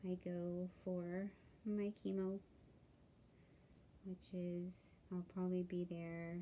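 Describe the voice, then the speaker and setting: A tired woman talking candidly in a casual video diary, with halting speech and many pauses and fillers. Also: fairly low pitch, lo-fi sound, a little hiss or hum. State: tired, yawning. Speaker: vlogger.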